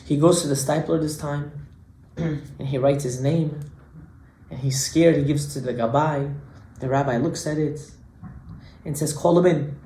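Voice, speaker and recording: A male rabbi giving a sermon, telling a story and swinging between hushed lines and emphatic ones. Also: on the high side, fairly even intonation, measured pace, pauses often, a little hiss or hum. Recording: echoey room.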